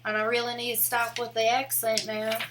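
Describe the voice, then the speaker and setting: A woman's voice: fairly high pitch, monotone, brisk, background noise. A young woman streaming live, rambling in a casual, giggly way with lots of "like" fillers. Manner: rambling and giggly, heavy use of "like".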